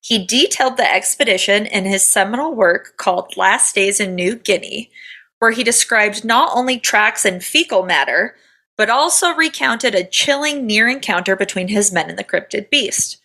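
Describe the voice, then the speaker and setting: A woman's voice: medium pitch, lively intonation, normal speed, sharp tone. A young woman co-hosting a podcast, reading out research in casual chat, with crude jokes and giggles. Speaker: podcast co-host.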